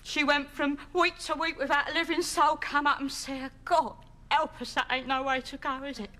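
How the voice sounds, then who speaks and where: A woman's voice: high-pitched, steady tone, normal speed, bright, forceful tone. A woman playing a chatty, blunt, gossipy elderly grandmother in a comedy sketch. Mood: mournful. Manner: chatty, dropping sly asides.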